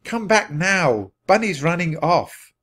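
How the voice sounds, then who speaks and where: A man's voice: mid-range voice, animated, normal speed, natural voice. A man voicing a cautious, sensible young boy in a storybook, careful and reasoning in his talk. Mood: alarmed. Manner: careful, reasoning, urgent when calling.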